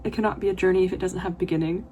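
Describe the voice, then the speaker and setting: A woman's voice: lowish voice, steady tone, rapid-fire, dark tone, a little hiss or hum. A woman book vlogger reading passages aloud in a casual vlog, reacting emotionally with gushing comments. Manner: emotional, gushing reactions with laughs and whispered asides.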